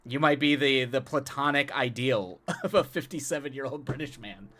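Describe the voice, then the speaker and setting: A man of ordinary pitch hosting a live stream and chatting easily with his viewers. His talk is loose and conversational, with frequent laughter. He often repeats words and restarts his sentences as he thinks aloud. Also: expressive, a little slow, fairly bright tone. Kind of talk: casual chat with stream viewers.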